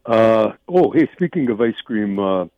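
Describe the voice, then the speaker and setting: A man's voice: fairly low pitch, lively intonation, unhurried, dry recording. A congested man calling in to a radio show, rambling and chatty as he tells his story. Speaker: caller. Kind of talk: casual call-in chat. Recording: tinny phone line.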